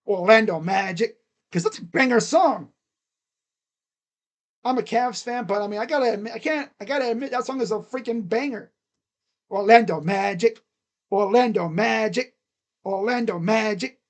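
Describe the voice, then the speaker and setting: A streamer giving live play-by-play reaction to a basketball game, reading out stats and getting excitable, repeating catchphrases and laughing. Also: medium pitch, normal speed, pauses often. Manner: reads out box score stats.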